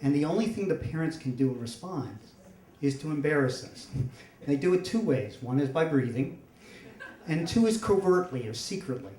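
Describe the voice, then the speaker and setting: A man in his fifties tells a comic story on stage with a dry, self-mocking wit. His voice sits a little high for a man, and a roomy echo hangs around it. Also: animated, normal speed, darkish tone. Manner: wry, self-deprecating humor. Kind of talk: live comedic storytelling.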